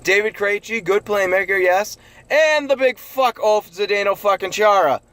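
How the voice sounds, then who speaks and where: A man's voice: sits high, normal speed, no room sound. A man hosting a sports recap show, ranting angrily and swearing in frustration. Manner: angry ranting, profane, yelling.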